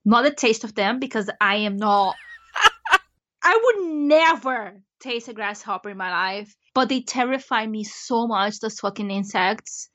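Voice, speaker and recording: High-voiced woman, Portuguese native, lo-fi sound. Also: normal speed, few pauses. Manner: animated, swears freely, squeals in dread. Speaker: podcast co-host. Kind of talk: casual chat. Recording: dull lo-fi audio.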